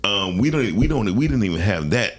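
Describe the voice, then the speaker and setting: A man's voice: lowish voice, sing-song, brisk. A man co-hosting a morning talk show, arguing his point emphatically and talking over the others. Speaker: co-host. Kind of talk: heated casual debate.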